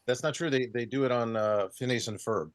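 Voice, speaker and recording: A man chatting casually in a movie club, quick to correct the others. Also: medium pitch, no echo, clean studio sound. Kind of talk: casual group chat.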